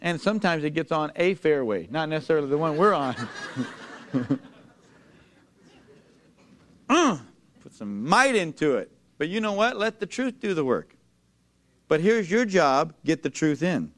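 A man preaching a sermon to a congregation, emphatic, asking them to repeat lines and slowing down to read scripture. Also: a little high, big pitch swings, a bit bright. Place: church before a congregation.

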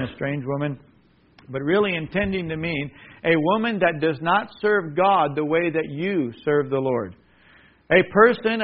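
A man preaches with earnest, rising emphasis, often turning to his listeners as "son." His voice sits a little high for a man. The sound is dull and muffled, like a radio broadcast. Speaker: pastor. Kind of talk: sermon.

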